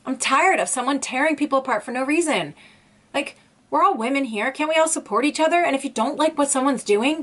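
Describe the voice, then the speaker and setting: A woman's voice: sits high, fairly quick, a bit bright. A woman vlogger ranting in an indignant, emphatic way, repeating phrases for emphasis as she speaks to her viewers. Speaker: YouTube vlogger. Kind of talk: ranting commentary vlog.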